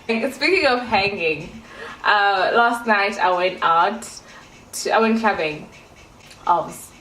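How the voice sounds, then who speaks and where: A woman in her twenties from South Africa talks to her viewers in a loose, rambling vlog style full of playful asides. Her voice sits in a middle pitch. The room around her rings with a noticeable echo. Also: lively intonation, slow pace, fairly bright tone. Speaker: vlogger. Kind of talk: casual chat to camera.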